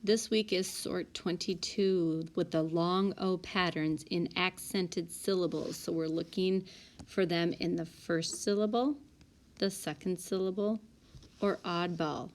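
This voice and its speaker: A woman teacher talks through a spelling list in an unhurried, deliberate way. Her voice sits a little low, and she pauses to correct herself as she sorts words. It sounds like a recorded lesson for a classroom group. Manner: calm, methodical, corrects herself aloud. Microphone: tablet microphone.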